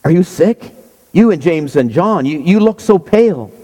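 A man's voice: a little high, expressive, normal speed, dark tone, voice pushed up. A man reading as an eager, puzzled questioner. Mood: worried.

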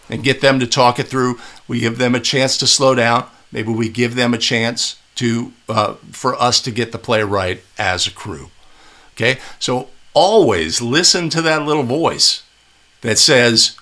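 Middle-aged male instructor, bright forceful tone, casual clip-breakdown teaching style. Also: mid-range voice, normal speed. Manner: conversational, asks "right?" often. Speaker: basketball officiating instructor. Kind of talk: video breakdown commentary.

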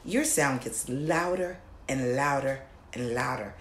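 A woman voice coach teaching an online lesson, who often repeats herself and checks in with "okay?", now and then singing or shouting demonstrations. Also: extremely low pitch, takes it slowly, roomy sound. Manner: repeats words, checks in with "okay?" and "all right?"; sings demo lines and shouts "ha!" exercises.

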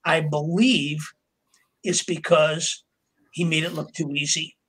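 Slow and fairly monotone, a somewhat high, slightly bright male voice belongs to an older writer telling rambling podcast-interview anecdotes packed with fillers, restarts, and acted quotes. The low-quality audio carries a little hiss or hum.

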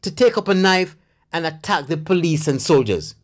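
A news reporter reading a scripted voiceover in a measured, formal delivery. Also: medium pitch, expressive.

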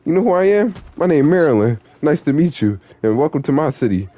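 A man's voice: a little high, big pitch swings, brisk, mellow, dry recording, muffled recording, voice pushed up. A man voicing a brash, foul-mouthed woman who runs the city in an online game, shrieking curses at players. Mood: cocky.

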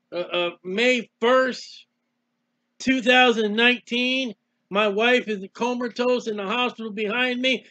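A man's voice: high voice, bright, forceful tone. A man preaching an impassioned Bible sermon, speaking emotionally and repetitively in the first person as the psalmist. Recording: dull lo-fi recording.

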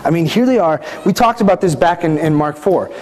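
A man's voice: a little high, lively intonation, brisk, a little mellow. A middle-aged male pastor preaching a sermon in a church, speaking conversationally and often asking the congregation questions. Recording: reverberant hall, faint background noise.

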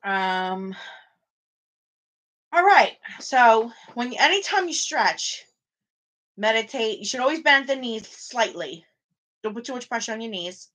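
A woman with a fairly high, slightly bright voice livestreams a home workout, rambling to her viewers and replying to the chat. She restarts her sentences often, and the audio from her camera or phone in a small home room is poor.

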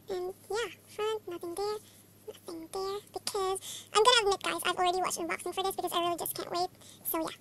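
A young woman from the Philippines chatting through a fan unboxing, gushing and excitable, with constant exclamations. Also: very high-pitched. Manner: gushing, excitable, many oh-my-gods. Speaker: vlogger. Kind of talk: casual unboxing chat. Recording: faint background noise.

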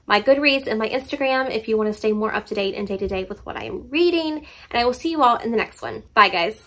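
A woman's voice: a little high, expressive, quick pace, hardly any pauses, fairly bright tone. A woman talking casually to camera about her favorite books, emphatic and playful as she gushes. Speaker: book reviewer.

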